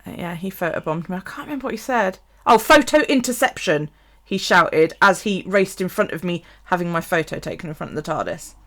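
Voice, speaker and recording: A woman's voice: on the low side, fast talker, hardly any pauses, fairly bright tone. A woman telling a story on a casual live stream, swearing freely and laughing as she goes. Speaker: bullet journal live streamer.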